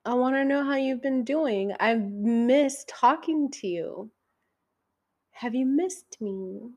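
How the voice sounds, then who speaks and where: A woman in her thirties hosting a casual solo podcast, swearing freely and teasing the listener directly, her voice going high when she gets excited. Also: slow. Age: 30s. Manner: profane, teasing, talks straight to the listener. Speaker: podcast host.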